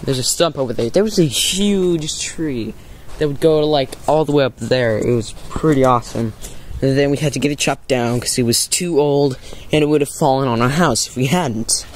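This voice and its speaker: A man's voice: medium pitch, normal speed, slight background noise. A young man vlogging casually, rambling and upbeat as he talks straight to his viewers from home and then his front yard. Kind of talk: casual vlog chat.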